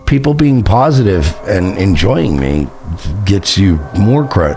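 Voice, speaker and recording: A man's voice: low voice, sing-song, a little slow, warm tone, soft background music. A man in his late thirties from New York, talking casually on a livestream in a profane, rambling way that readily turns into a rant. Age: late 30s.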